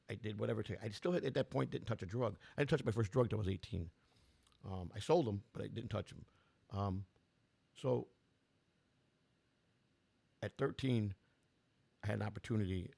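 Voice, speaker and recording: A gravelly, low-pitched man, talking fast and bluntly about his life. His voice sounds strained, and he rambles and restarts often. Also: a little mellow. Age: 60s. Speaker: political candidate. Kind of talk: personal storytelling.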